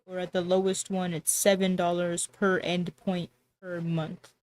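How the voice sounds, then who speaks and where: A woman's voice: lowish voice, flat delivery, measured pace, a little mellow. A woman streamer chatting casually and sarcastically, often trailing off and restarting her sentences. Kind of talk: casual livestream chat.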